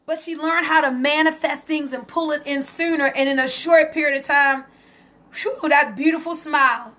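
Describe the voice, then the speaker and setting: A woman hosting a casual live stream, excited and emotional as she talks to viewers and reads their comments aloud. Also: high voice, normal speed, background noise. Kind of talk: casual Facebook Live testimony.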